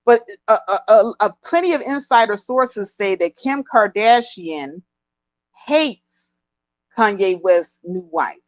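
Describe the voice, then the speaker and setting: Slow-talking woman hosting gossip chat. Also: medium pitch, animated, no echo, poor audio. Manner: emphatic, drawn-out, chatty. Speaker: host. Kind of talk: casual gossip commentary.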